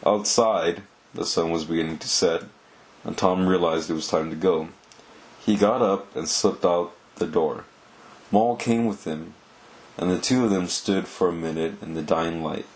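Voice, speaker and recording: Calm male audiobook reader, deep voice, steady storybook delivery. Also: a little slow, rough recording. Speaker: audiobook narrator. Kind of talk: reading a novel aloud.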